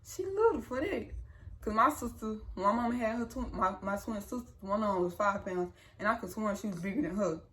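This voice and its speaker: A woman's voice: medium pitch, a little fast, hardly any pauses. A young woman, telling her birth story to viewers in a casual, chatty way. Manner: chatty, addresses viewers as y'all, lively retelling. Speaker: new mother vlogger.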